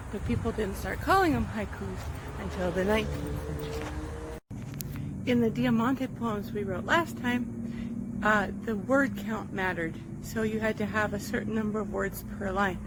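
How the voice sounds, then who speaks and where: A woman's voice: mid-range voice, moderate pace, heavy background noise. A woman teaching a poetry class, explaining step by step and checking in with the listener as she goes. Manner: friendly explaining, checks in with "right?". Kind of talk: online class lesson.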